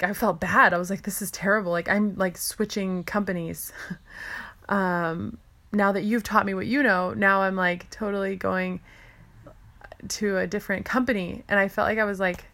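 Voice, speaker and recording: A young woman recounts her own story in relaxed, casual speech. She is chatty and keeps acting out what she and others said. Her voice has a noticeable gravelly fry. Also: medium pitch. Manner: chatty, full of "like" and restarts, quotes herself and others. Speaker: stay-at-home mom telling her story.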